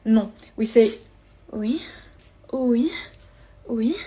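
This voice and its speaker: A woman doing a comedic short-video bit in a soft, hushed, half-whispered voice. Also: fairly high pitch, measured pace.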